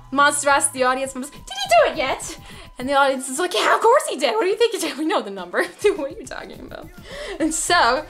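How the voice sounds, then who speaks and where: A young woman vlogger tells stories to camera in a casual, animated way, laughing throughout. Her voice sits high, and she swings between sudden loud outbursts and hushed asides.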